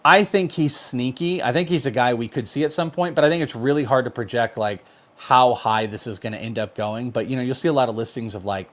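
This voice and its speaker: A man's voice: mid-range voice, brisk, few pauses. Chatty man rambling with fillers. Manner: rambling, filler-heavy, enthusiastic. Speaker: podcast guest, prospect analyst. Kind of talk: casual podcast chat.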